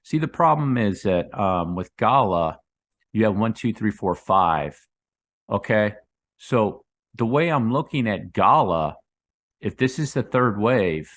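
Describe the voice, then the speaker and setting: A man with a lowish voice talks loosely over crypto price charts. He rambles from point to point and keeps calling his viewers "guys," letting his voice sink on those tag words. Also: a bit bright. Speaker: crypto market analyst. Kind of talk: casual chart commentary.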